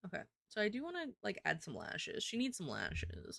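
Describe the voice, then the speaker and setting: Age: adult. Sex: woman. Role: streamer. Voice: gravelly, lively pitch. Style: chatty live-stream talk while drawing. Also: moderate pace, no room sound, clean studio sound. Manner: chatty, thinking aloud, self-deprecating.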